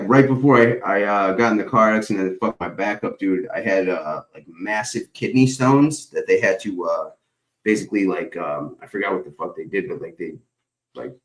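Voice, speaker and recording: A man's voice: fairly low pitch, rough recording. Profane, rambling young man streamer. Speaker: streamer chatting with viewers. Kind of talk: casual chat.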